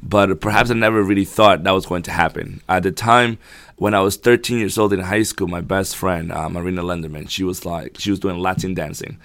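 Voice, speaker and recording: A man's voice: sits low, steady tone, a little fast, creaky, fairly bright tone, dry recording. A man, a dance studio owner and podcast guest, telling his story in a friendly way and laughing easily. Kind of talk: casual interview chat.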